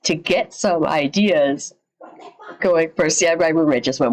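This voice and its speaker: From a home streaming setup with a green screen, a woman with a low voice chats casually at a moderate pace in a live-stream reaction, recorded in low quality. She swears freely and throws in sarcastic asides.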